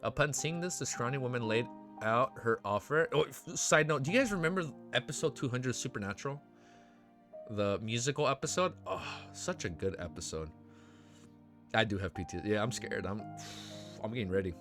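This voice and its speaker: A man reads a web novel aloud for a reaction video at a middling pitch. He keeps stopping for excited side comments and bursts of laughter. Soft music runs faintly behind him. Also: fairly quick. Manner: laughs often, breaks off into excited asides.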